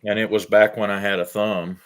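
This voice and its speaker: A man telling a slow, halting story in casual chat. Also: on the low side, flat delivery.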